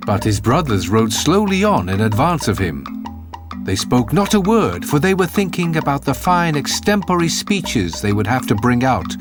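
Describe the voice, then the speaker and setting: Lively male storybook narrator. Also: mid-range voice, normal speed, over music. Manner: animated, expressive reading.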